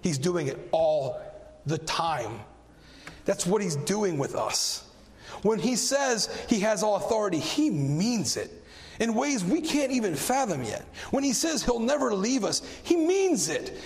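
A man preaching a sermon, telling a story with animated energy and a voice that climbs when he gets excited. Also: high-pitched, a little slow, gravelly. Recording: long hall reverb.

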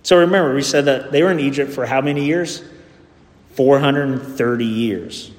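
A man preaching a sermon at a mid-range pitch, stopping again and again to put questions to his congregation. His voice rings through a big echoey hall, and each phrase trails off in a long reverb. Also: normal speed. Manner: asks the congregation rhetorical questions.

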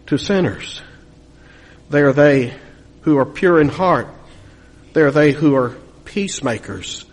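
A man from the United States delivers a sermon in a somewhat husky voice that sits a little high. He talks earnestly and often repeats words. His delivery climbs to emphatic, insistent peaks. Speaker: preacher.

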